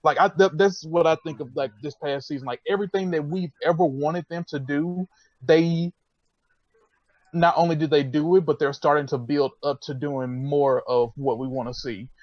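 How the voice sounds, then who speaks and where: A man's voice: a little high, fairly even intonation, normal speed, no echo, lo-fi sound. A man co-hosting a casual roundtable chat, talking frankly and rambling with lots of fillers and swearing. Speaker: podcast co-host.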